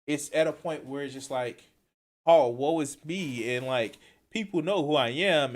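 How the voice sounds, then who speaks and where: A man reacting to clips on a live stream, blunt and profane, swinging from quiet mumbling to loud outbursts. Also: mid-range voice. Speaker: commentary streamer.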